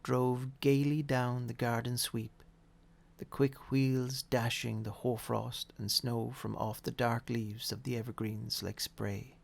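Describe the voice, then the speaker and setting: Slow gravelly male storyteller. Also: medium pitch. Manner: measured, expressive reading. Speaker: audiobook reader. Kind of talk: storybook narration.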